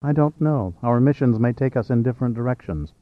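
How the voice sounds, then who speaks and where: A man voicing a confident, flirtatious adult woman with a direct, brisk manner. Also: mid-range voice, no room sound, lightly acted. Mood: earnest. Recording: slightly dull, dry.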